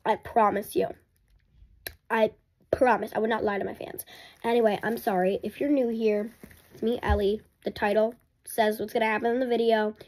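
A woman vlogger talking in a rambling, excitable and apologetic way during a casual unboxing. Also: fairly high pitch, moderate pace.

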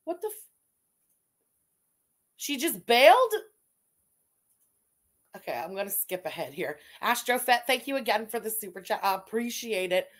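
A woman's voice: on the high side, sing-song, moderate pace, pauses often. A woman with a Canadian accent hosting a casual commentary stream, blunt and sarcastic, swearing freely as she reads out super chats.

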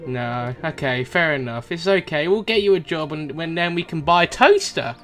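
A young man hosting a gaming channel, chatting and teasing through game commentary in a jumpy, excitable way. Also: moderate pace. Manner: chatty, teasing, prone to sudden excited pitch jumps. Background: game music.

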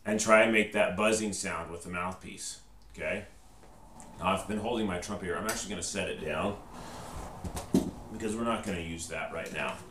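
A man's voice: sits low, normal speed, pauses often. Patient man teaching trumpet, roomy echo. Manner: patient, repeats "okay?" after each step. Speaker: band teacher. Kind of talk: instructional video lesson. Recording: roomy echo, distant mic, faint noise.

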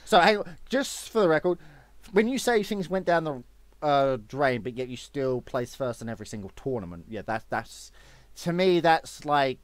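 Lively, teasing man hosting. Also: on the high side, normal speed, no echo. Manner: teasing, sarcastic banter. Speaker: interview host. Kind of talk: casual online interview.

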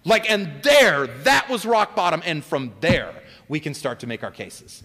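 Animated high-pitched man in a hall. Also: a little slow. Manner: animated, expansive, with spirited emphasis. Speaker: guest philosopher answering audience questions. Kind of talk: public Q&A talk. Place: lecture hall at a college event. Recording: hall reverb.

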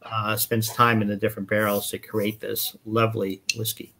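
A man's voice: on the low side, moderate pace, creaky, slight background noise. A man who imports whisky, talking casually on a video call and telling stories with plenty of fillers. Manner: relaxed storyteller, many fillers. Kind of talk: casual chat.

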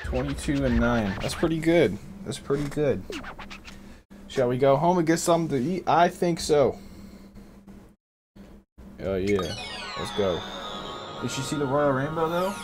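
A man streaming a game, cursing and reacting as he plays. His pitch swings a lot and his voice sits at a middle height. Bright game music plays clearly behind him. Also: measured pace, long pauses. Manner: profane, reactive, animated. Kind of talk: casual live gameplay commentary. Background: video game music.

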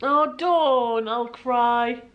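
A woman's voice: on the high side, drawn-out words, lo-fi sound. A young woman chatting casually and giggling in a vlog, a little tipsy. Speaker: vlogger. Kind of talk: casual chat. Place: pub, then hotel room.

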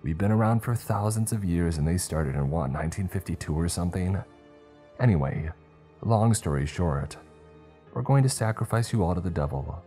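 A man's voice: low-pitched, lively intonation, moderate pace, dark tone, faint music behind. A man voicing a vain, chatty cult witch who shrieks and hisses at children. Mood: rambling. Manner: hissing, indignant, rambling.

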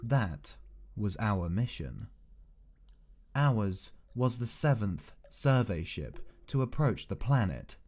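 A man reading a science fiction story aloud as an audiobook, in measured, expressive first-person narration. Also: on the low side. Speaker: audiobook reader.

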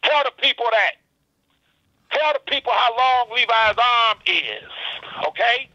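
Angry high-voiced man ranting on a phone line. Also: measured pace, bright, forceful tone, no room sound. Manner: angry, swearing, repeats himself. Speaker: caller on a live stream. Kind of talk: heated call-in rant.

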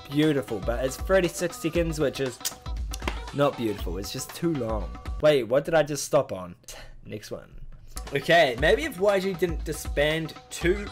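A man giving excitable, joking reaction commentary, swearing casually as he goes. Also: on the high side. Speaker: YouTuber.

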